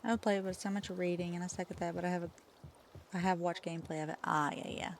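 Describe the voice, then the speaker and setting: A woman's voice: on the low side, fairly even intonation, fast. A woman co-hosting a game stream, chatting casually in a blunt, offhand way. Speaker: co-host streamer. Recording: clear background noise.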